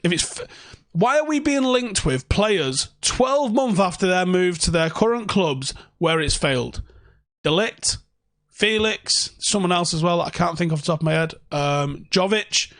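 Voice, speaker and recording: A young man rants through a casual livestream from his home. He swears freely and talks sarcastically. His voice sits a little higher than most men's. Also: animated, measured pace, fairly bright tone, no echo, studio quality. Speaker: fan channel host.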